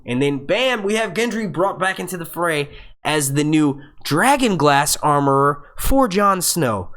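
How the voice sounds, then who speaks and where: Brief: male stream host, slightly high voice, excitable, swears a lot, rambling live commentary. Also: measured pace. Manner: excitable, profane, rambling with restarts. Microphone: webcam setup.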